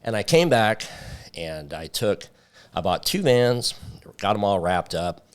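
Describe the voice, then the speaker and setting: A man with a very low voice tells his story as a company founder in a relaxed interview. He brings the story to life by acting out what each person said. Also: a little slow, clean tone. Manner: lively storyteller who acts out quoted dialogue.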